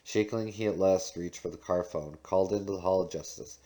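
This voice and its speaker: A man's voice: low-pitched, brisk, hardly any pauses, mellow. A man reading a novel aloud, doing the narration and dialogue in his own voice, with occasional slips and restarts. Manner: reads with small slips and restarts. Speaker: audiobook reader.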